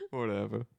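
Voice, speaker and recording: A young man chats loosely as a podcast co-host, his pitch bouncing up and down as he rambles and keeps correcting himself. The sound is dry and close, with no room around him. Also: creaky, slightly rough, no echo. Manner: rambling, full of "like" and self-corrections. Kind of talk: casual chat.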